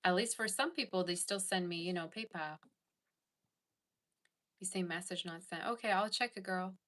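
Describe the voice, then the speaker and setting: A woman's voice: lowish voice, normal speed, a bit bright. A woman hosting a casual tarot livestream, chatting and reading viewer comments aloud. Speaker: tarot reader and livestream host.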